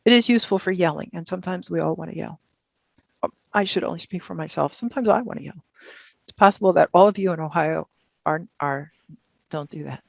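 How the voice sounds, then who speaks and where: A woman's voice: on the low side, a little fast, creaky, pauses often, no echo, highs cut off. A woman in her seventies speaking as a guest on a video call from her home office, rambling and thinking aloud with many fillers and restarts. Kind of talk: conversational talk and audience Q&A.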